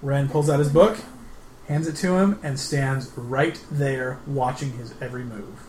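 A man's voice: mid-range voice, steady tone, measured pace, a little mellow, echoey room, a little hiss or hum, poor audio. A man playing a tabletop game, describing his character's actions in third person. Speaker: player. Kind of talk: tabletop role-play.

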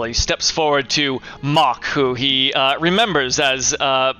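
A man narrating a tabletop game as game master, slow and halting with many fillers. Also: medium pitch, pushed and bright, smooth.

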